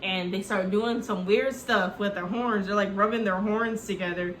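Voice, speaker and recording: A woman's voice: mid-range voice, fairly even intonation, moderate pace, fairly bright tone, a little hiss or hum. A woman retelling a film in a loose, rambling, comedic way, packed with "like" and the odd swear word. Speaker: movie recap host. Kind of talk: casual comedic movie retelling. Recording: echoey room.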